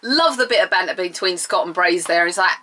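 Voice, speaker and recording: A young woman chatting through a TV episode review, animated and sarcastic, with bursts of mock outrage. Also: on the low side, brisk. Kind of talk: casual video review.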